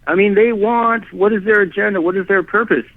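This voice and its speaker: Guy rambling thru his story, lots of restarts, kinda high voice, dry tinny phone sound. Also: dry recording. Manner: halting, many restarts and fillers, animated retelling. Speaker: guest telling his own story. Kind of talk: rambling first-person storytelling.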